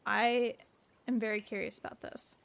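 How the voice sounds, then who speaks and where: A young woman from the American South streaming a point-and-click game, excitable and jokey, laughing and gasping often. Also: on the high side, moderate pace, gravelly. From Southern United States. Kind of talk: casual gameplay commentary. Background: faint game music.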